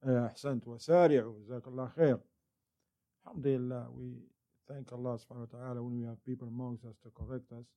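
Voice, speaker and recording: Man preaching with a dark, mellow voice. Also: mid-range voice, racing, creaky. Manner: animated storytelling with rising emphasis. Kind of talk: sermon.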